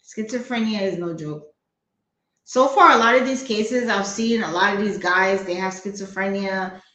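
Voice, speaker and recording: A woman's voice: medium pitch, normal speed, sharp tone, echoey room, poor audio. A woman from New giving blunt, skeptical commentary on a crime case during a live stream. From New York. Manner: blunt, skeptical, talks back at the clip.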